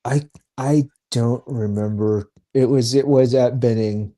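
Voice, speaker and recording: A man's voice: medium pitch, fairly even intonation, a little slow, mellow. A man chatting casually, answering in short, easygoing replies. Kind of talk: casual chat.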